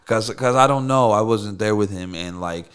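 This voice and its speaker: A man's voice: on the low side, normal speed, fairly bright tone, smooth. A man who is a songwriter and producer, talking as a guest in a casual interview, rambling with fillers, restarts and swearing. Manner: loose, rambling, profane, many fillers and restarts.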